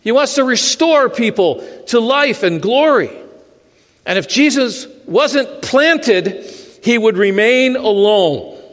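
A man preaching a sermon in a church, animated and dropping in dry humor. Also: extremely high pitch, slow, in a large hall. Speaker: pastor.

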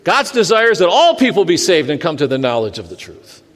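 A man preaches in a church sanctuary, his voice sitting high and ringing out with a long reverb from the large hall. He delivers the sermon in an animated way, with dry humor slipped between his points. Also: brisk. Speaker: pastor.

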